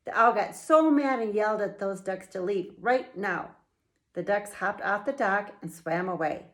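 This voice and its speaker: A middle-aged woman reads her own children's story aloud in an unhurried, deliberate way. She leans into playful emphasis, at a middle pitch for a woman, like an animated story-time reading.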